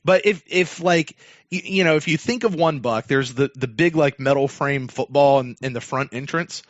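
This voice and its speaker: Here a sports podcast host drifts casually through a lengthy story, filling it with ums and false starts. He talks at a normal pace with a medium-pitched voice. The recording comes across dull, dry and lo-fi.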